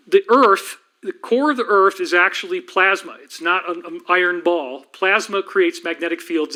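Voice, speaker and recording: A middle-aged man hosting a livestream, lecturing rapidly and rambling with frequent restarts. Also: fairly high pitch, bright, forceful tone. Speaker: livestream host and researcher. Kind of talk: fast-paced lecture livestream.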